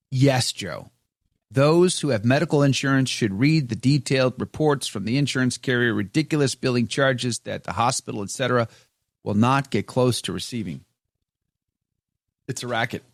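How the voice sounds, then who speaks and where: A man hosting a live talk show, chatting casually and reading viewer comments, animated when telling stories. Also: mid-range voice, no room sound, clean studio sound. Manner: animated, mimics others in storytelling. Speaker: host.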